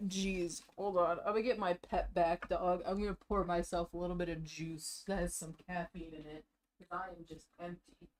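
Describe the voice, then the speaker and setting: A woman's voice: fairly low pitch, level tone, normal speed, few pauses, darkish tone, slight background noise. Woman streamer, casual livestream chat, tired and drained, rambling, emotional. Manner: rambling, emotional, laughing through sadness.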